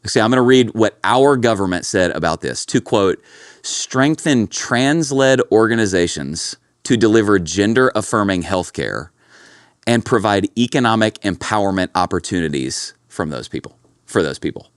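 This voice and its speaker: Animated man telling stories. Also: on the low side, moderate pace, clean tone, dry recording, clean studio sound. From Kentucky. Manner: animated storytelling, calls his co-host bro and dude. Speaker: pastor and podcast host. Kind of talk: casual podcast chat.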